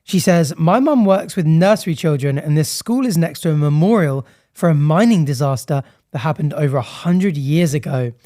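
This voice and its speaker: High-voiced playful male podcast co-host. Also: animated, moderate pace, few pauses, mellow. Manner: playful, laughs often, acts out little voices. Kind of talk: casual comedic chat. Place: studio on a high floor.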